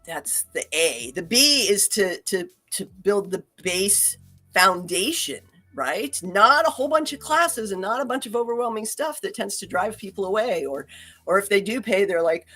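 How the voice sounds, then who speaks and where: A woman's voice: mid-range voice, lively intonation, normal speed, fairly bright tone, faint music behind. A woman hosting a casual talk, chatty and upbeat, laughing often and restarting her sentences. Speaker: host.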